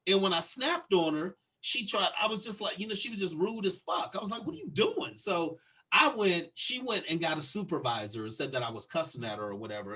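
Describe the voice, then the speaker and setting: A man co-hosting a podcast, telling a story in casual chat, profane and animated as he acts out the other people's lines. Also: high-pitched, slightly rough. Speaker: podcast co-host.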